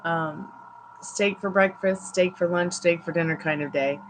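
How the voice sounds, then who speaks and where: A woman's voice: lowish voice, fairly even intonation, measured pace, slight background noise, low-quality recording. A woman hosting a casual livestream, chatting in a rambling way full of fillers while outdoors at home. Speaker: tarot reader livestream host.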